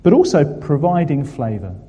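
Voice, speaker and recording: A man from England preaching a sermon, earnest and emphatic, pausing on fillers now and then. His voice is mellow and dark. It rings out with a long reverb from the church hall. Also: on the high side, wildly swooping pitch, breathy edge.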